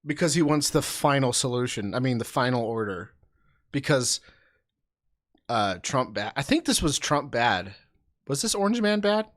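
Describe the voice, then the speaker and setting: A man's voice: medium pitch, sing-song, moderate pace, a bit bright. Exasperated man stammering in chat. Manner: exasperated, stammering, laughs often. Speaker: podcast co-host. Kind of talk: casual chat.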